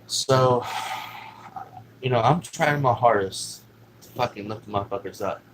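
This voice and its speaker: A man's voice: medium pitch, measured pace, a bit bright, a little hiss or hum, rough recording. Profane, rambling male storyteller. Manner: rambling and heavily profane, with lots of fillers. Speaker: vlogger. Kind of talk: casual spoken storytelling.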